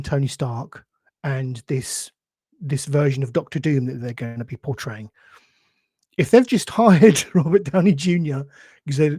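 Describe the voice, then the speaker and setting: A man's voice: on the high side, dark tone, no room sound, studio quality. A man hosting a podcast in casual chat, answering viewer comments with many restarts and rambling asides. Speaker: podcast host.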